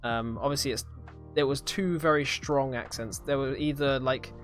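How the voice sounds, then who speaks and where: A man's voice: medium pitch, steady tone, moderate pace, a bit bright, faint music behind. A young British man hosting a live-streamed podcast, chatting casually and rambling through a review with lots of fillers and hesitations. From Britain. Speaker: podcast host reviewing a series.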